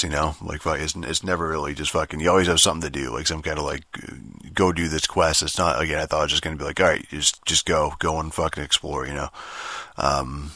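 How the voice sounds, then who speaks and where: A man's voice: rumbling low, pushed and bright, no room sound, studio quality. A man reviewing a game in a casual, rambling way, swearing constantly and filling his talk with ums and likes.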